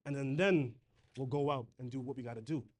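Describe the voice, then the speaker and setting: A man's voice: medium pitch, a little fast, pitched below the performer's own voice, natural voice. A man voicing a firm prophet who gives plain, casual instructions. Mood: instructing.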